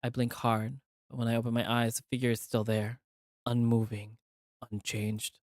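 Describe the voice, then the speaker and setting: Male streamer, dramatic game reading, mid pitch, dry close sound. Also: normal speed, no echo. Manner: dramatic reading, animated asides. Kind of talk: reading a visual novel aloud with voices.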